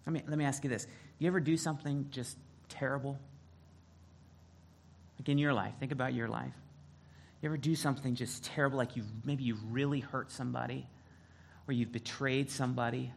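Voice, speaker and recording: A male pastor preaching a sermon, retelling a story in a casual, animated way and acting out the quotes. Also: medium pitch, a little fast, creaky, pauses often, a little hiss or hum.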